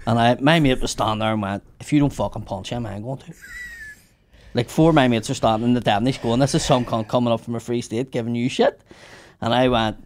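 A man's voice: medium pitch, brisk, slight background noise. A man, a comedian telling sweary stories in casual podcast chat. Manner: animated, sweary storytelling.

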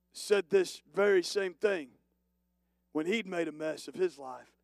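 A male pastor preaching a sermon, moving from hushed, slow passages to loud, emphatic declarations. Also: sits high, dry recording. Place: church.

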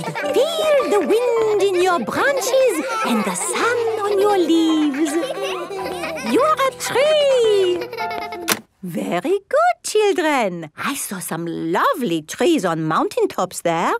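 A gentle gazelle music teacher from a children's cartoon, with a high voice that swoops all over. She speaks in an unhurried, patient, sing-song way over loud background music. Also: wildly swooping pitch, heavily acted. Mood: encouraging.

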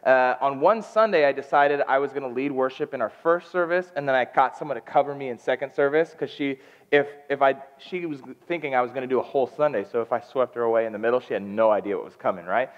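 A young man preaching as a guest, telling a personal story with emotion and animated outbursts. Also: medium pitch, fast talker. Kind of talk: storytelling sermon. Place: church sanctuary. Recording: dull lo-fi sound with long hall reverb.

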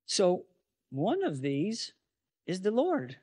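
A man's voice: high-pitched, wildly swooping pitch, slow, mellow, slightly rough, no echo, studio quality. A male pastor preaching a sermon, teaching from scripture with many rhetorical questions to the congregation.

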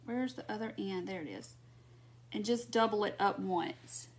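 Speaking in a mid-range voice at a moderate pace, a woman runs a laid-back craft stream and laughs a lot as she talks with viewers. The audio comes through a phone or webcam on the live stream.

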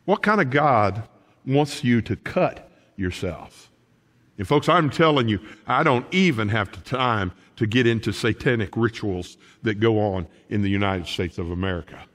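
A male pastor preaching a sermon in a church, animated and folksy, with frequent asides to the congregation. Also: on the low side, normal speed, big-room sound. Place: church sanctuary.

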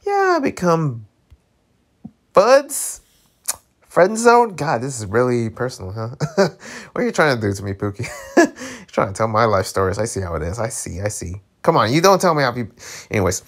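A man's voice: lowish voice, big pitch swings, quick pace. A man hosting a channel where he reads a webcomic aloud, reacting with laughs and exclamations. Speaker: webcomic reader channel host.

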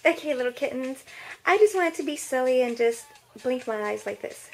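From her bedroom, a female vlogger who studies martial arts chats casually with viewers in a cute, baby-talk style. She sounds bubbly and playful, with a high, animated voice at normal speed.

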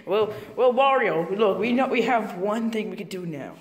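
A woman voicing characters in an improvised toy skit, excitable and stammering with frequent repeats. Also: a little high, normal speed, few pauses. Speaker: fan video puppeteer voicing characters. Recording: music playing behind. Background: music.

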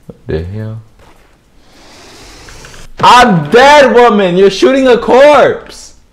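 A young man giving loud, profane gameplay commentary, trash-talking and often shouting. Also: high voice, wildly swooping pitch, extremely slow. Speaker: gamer streaming gameplay.

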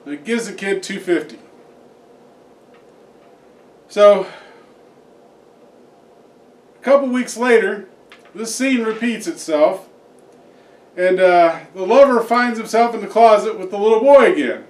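A man's voice: high-pitched, measured pace, pauses often, darkish tone. A man telling a joke in a rambling, folksy way, full of fillers. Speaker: joke teller, host. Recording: echoey room, distant mic.

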